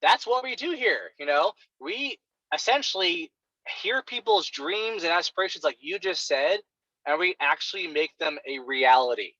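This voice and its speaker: A man coaching others in sales technique, animated and demonstrative as he plays out client reactions. His voice is bright and pitched a little high. The sound is dry and dull, like lo-fi call audio. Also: normal speed, dry recording.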